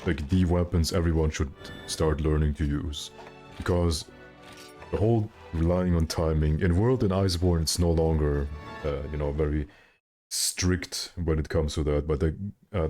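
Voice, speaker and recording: A man's voice: low-pitched, mellow. A man streaming a game, chatting casually with his viewers in a joking, self-mocking, rambling way. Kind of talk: casual live-stream chat.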